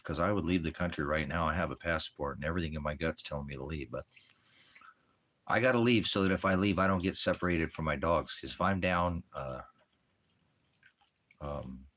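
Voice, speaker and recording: A man chatting casually to his viewers, rambling with fillers, sometimes cooing at his dogs in a high sing-song voice. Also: moderate pace, long pauses, fairly bright tone. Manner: rambling, with many fillers and restarts. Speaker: vlogger. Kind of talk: casual talk to camera.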